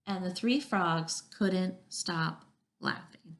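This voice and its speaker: A preschool teacher reads a picture book aloud during story time for young children. Her voice is on the low side with noticeable gravelly fry, and she speaks slowly, gently and encouragingly as she guides the kids along.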